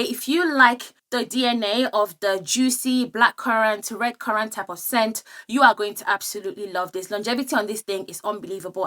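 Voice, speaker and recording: A woman's voice: medium pitch, sharp tone. A young woman reviewing perfumes in a gushing, enthusiastic vlog style. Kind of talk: casual product review vlog.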